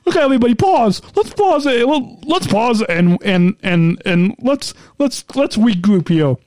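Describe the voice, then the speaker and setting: A woman's voice: on the high side, lively intonation, measured pace, a little mellow, no room sound. A woman co-hosting a podcast in casual chat, rambling and tripping over her words. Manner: rambling, stumbling and repeating words. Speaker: podcast co-host.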